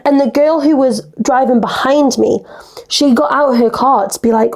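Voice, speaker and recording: A woman's voice: high voice, normal speed, darkish tone. A young woman in her twenties hosting a casual solo podcast, rambling through stories and acting out the conversations in them. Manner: chatty, rambling storyteller, acts out conversations. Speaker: podcast host.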